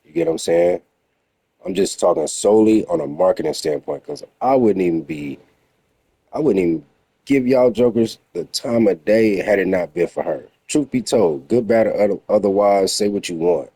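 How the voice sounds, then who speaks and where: A very deep man with a dark, husky voice talks bluntly into the camera, lecturing with emphasis. The sound is close and dry, with faint music underneath. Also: lively intonation, moderate pace, no echo. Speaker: reaction commentator. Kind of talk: casual reaction commentary.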